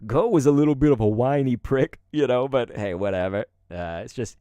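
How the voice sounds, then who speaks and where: A streamer and voice actor rambles casually to his live-stream viewers, congested and sore-throated from a cold, tossing in chuckling asides. His medium-pitched, dark, smooth voice moves a little fast with few pauses. The sound is clean studio quality with no echo.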